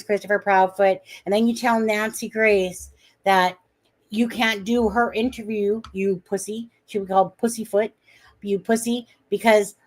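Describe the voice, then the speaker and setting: A woman's voice: medium pitch, darkish tone. An outspoken woman talking on a live stream with an ordinary mid-range voice. She is indignant and blunt, and she swears freely as she argues her points. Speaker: guest commentator. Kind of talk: casual live-stream commentary.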